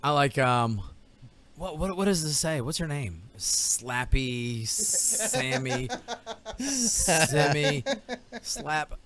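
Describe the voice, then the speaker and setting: A man's voice: fairly high pitch, sing-song, takes it slowly, a bit bright. A man co-hosting a podcast, chatting casually and acting out movie quotes in raised voices. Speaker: podcast co-host. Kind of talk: casual chat quoting movie lines.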